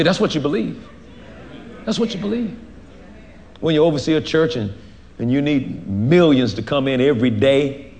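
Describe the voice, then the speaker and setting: Animated high-voiced man preaching. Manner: animated preaching, acts out dialogue, laughs often. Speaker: pastor. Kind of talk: sermon.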